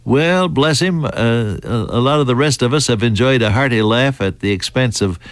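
American male Bible teacher, mid-pitched, deliberate delivery with restarts, dry close sound. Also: no room sound. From United States. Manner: deliberate, halting, with fillers and restarts. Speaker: preacher.

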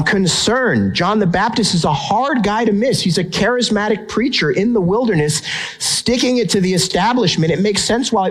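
Man, middle-aged, pastor, expressive sermon, slightly high voice. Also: low-quality recording. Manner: expressive preaching, acts out quoted voices.

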